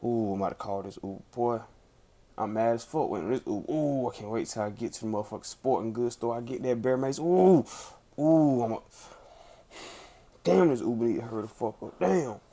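A man's voice: mid-range voice, brisk, warm tone, close to an everyday voice. A man acting out an angry young man who storms off for bear spray, groaning and sighing theatrically. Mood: mock fuming. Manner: fuming, theatrical sighs and groans.

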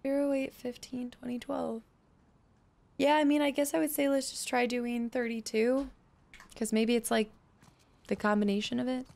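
A woman's voice: a little high, level tone, moderate pace, vocal fry, long pauses, a little mellow. A woman commenting on her own gameplay, muttering number combinations to herself, chatting with viewers and laughing often. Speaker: gaming streamer. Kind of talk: let's play commentary.

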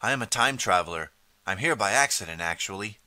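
A man's voice: lowish voice, expressive, a little fast, pushed and bright, no room sound. A man voicing a nervous young time traveler in an audiobook, speaking hesitantly and musing aloud. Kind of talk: audiobook character reading.

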